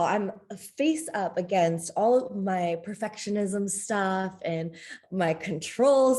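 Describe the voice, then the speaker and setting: A woman appears as a guest on a podcast, speaking openly and expressively in a candid interview and frequently breaking into laughter. Her voice is medium in pitch.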